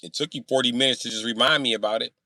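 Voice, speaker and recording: A man's voice: fairly even intonation, rapid-fire, no room sound, studio quality. A man telling crude, boastful stories on a live stream. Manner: profane, boastful storytelling; swings between loud outbursts and low mutters. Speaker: livestreamer reading chat. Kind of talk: casual live-stream chat.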